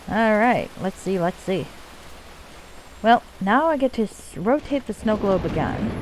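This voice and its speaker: Wry woman streamer over noisy audio. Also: mid-range voice. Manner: wry, self-mocking, casually profane. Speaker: video game streamer. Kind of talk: casual gameplay chat.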